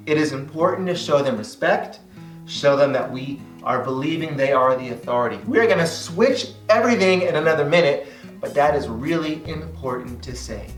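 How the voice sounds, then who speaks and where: A man's voice: fairly high pitch, a bit bright, echoey room, recorded from a distance. A man teaching listeners how to talk to police officers, speaking in an emphatic coaching way and acting out lines he quotes. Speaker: hypnotist teaching verbal techniques. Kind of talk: direct-to-camera instruction.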